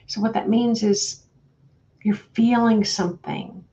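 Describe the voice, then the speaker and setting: A woman who leads a guided meditation and spiritual talk as host, gently guiding and chatty, with filler words. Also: on the high side, fairly even intonation, slow. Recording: dull lo-fi audio.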